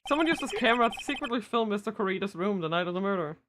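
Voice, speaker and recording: A woman's voice: mid-range voice, lively intonation, rapid-fire, noisy background, natural voice. A woman reading the lines of an earnest young male defense attorney in a firm, accusing way, with her own voice. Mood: pressing.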